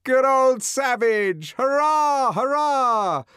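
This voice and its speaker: A man voicing a mocking crowd of sightseers in an audiobook, chanting loud demands in rhythm. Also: very high-pitched, expressive, extremely slow, clear, resonant tone, no room sound, studio quality, voice pushed up, heavily acted. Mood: jeering.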